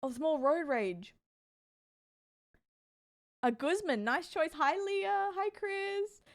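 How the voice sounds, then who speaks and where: Woman streamer reacting to vids n laughing a lot, high bouncy voice, takes her time talking. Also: slow pace. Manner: laughs often, chatty, reacts with amused exclamations. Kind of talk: casual live-stream chat, reacting to clips.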